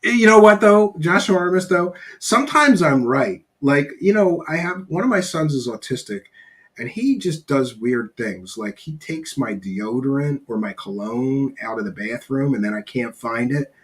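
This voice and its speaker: A man's voice: medium pitch, animated, moderate pace, a bit bright. A middle-aged man hosting a live show, reading chat comments and talking bluntly with casual swearing and rambling asides.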